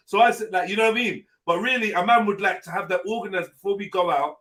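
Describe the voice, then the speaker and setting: A man hosting a live open panel, blunt and animated, swearing freely and acting out what people say. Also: sits high, quick pace, few pauses, far from the mic. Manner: blunt, animated, swears often, acts out quotes. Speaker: host of a live open panel talk show. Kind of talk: casual panel discussion.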